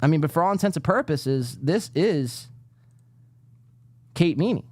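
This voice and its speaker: A man's voice: unhurried, dry recording. A man hosting a live podcast, ranting in a profane, sarcastic way while reacting to clips. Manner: lively, jumpy pitch. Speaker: podcast host. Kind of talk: casual live-stream commentary.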